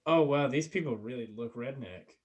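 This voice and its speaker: A man's voice: medium pitch, moderate pace, husky. A man from Florida in casual podcast chat, joking and asking lots of curious questions. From Florida, United States. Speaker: podcast co-host.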